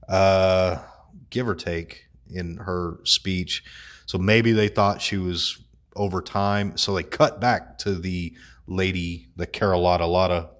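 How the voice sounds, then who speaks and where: A grown man hosting a casual commentary vlog, swearing freely and laughing at his own crude jokes. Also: low-pitched. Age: adult. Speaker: vlog host.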